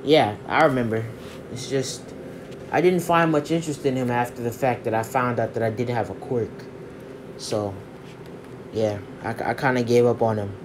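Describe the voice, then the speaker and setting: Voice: medium pitch, normal speed, background noise, voice pushed down, lightly acted. Narrator doing a subdued, hesitant teen boy. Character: unsure teenage boy with new powers.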